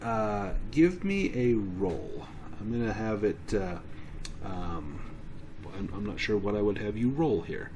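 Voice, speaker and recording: A man narrating a tabletop horror game as game master, halting and hesitant. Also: lowish voice, lively intonation, noisy background.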